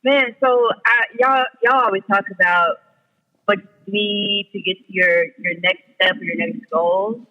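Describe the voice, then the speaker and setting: A man's voice: high voice, steady tone, a little slow, in a large hall, dull audio. A man calling in as a podcast guest, talking in an easygoing, thoughtful and reflective way. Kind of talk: casual chat.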